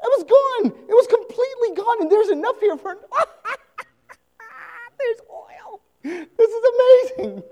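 A man preaching, voicing a young boy, the widow's son, who shouts in high disbelief. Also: lively intonation, a little slow, pauses often, long reverb tail. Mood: astonished.

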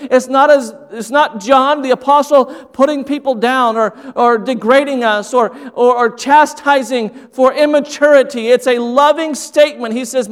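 High-voiced preacher in a reverberant church. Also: male voice, normal speed, few pauses. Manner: earnest preaching with repeated phrases. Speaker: pastor. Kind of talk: sermon. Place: church sanctuary. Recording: long hall reverb.

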